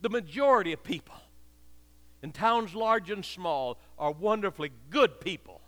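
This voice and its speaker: Older preacher with a bright, high voice. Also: male voice, lively intonation, moderate pace. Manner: impassioned, repetitive preaching cadence. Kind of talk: sermon. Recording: long hall reverb.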